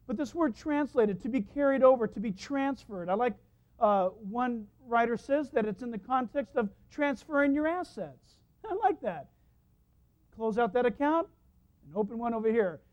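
A man preaching a sermon as the church's pastor, telling stories in a lively way and laughing at his own anecdotes, recorded in a church. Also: very high voice, normal speed. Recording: dull lo-fi sound.

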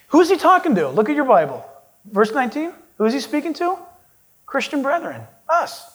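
A male pastor preaching a sermon in an emphatic way, swinging his pitch for stress. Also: sing-song, moderate pace.

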